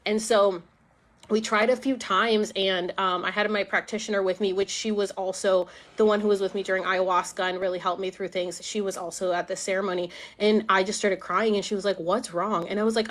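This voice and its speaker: A woman's voice: mid-range voice, fairly even intonation, brisk. A young woman casually telling a personal story on a live stream, chatty, with many fillers and acted-out quotes. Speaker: podcast host.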